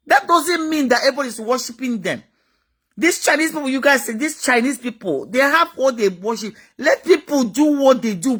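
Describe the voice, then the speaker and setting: A woman's voice: high-pitched, lively intonation, fairly quick, a bit bright. A woman giving a motivational talk, emphatic and repetitive, full of rhetorical questions. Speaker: motivational speaker.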